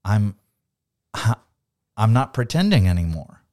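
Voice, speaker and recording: A man's voice: fairly low pitch, very animated, slow, darkish tone. A man voicing Jacob, broken and confessing.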